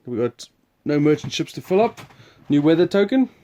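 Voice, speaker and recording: Mellow-voiced man hosting a board game chat. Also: a little high, sing-song, moderate pace, highs cut off. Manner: rambling, chuckling, restarts sentences. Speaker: host presenting a board game preview.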